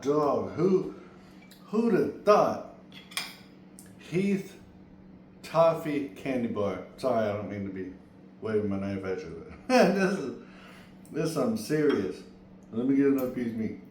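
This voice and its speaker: An excitable, folksy man hosts a home cooking video and talks right to his viewers. His mid-pitched voice rings around an echoey kitchen. The faint clatter of pots and dishes sits behind him. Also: a little hiss or hum. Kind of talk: casual cooking demo and taste test.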